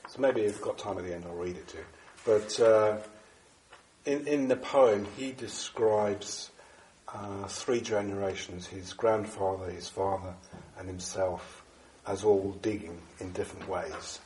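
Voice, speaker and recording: A very low-voiced man, audibly stuffed up with a cold, gives a dharma talk to a small group. He speaks haltingly, circling back with fillers and restarts. The echoey room has a faint hum of ambience behind him. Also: darkish tone. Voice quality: bunged up, nasal. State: congested from a cold. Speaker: Buddhist teacher giving a talk.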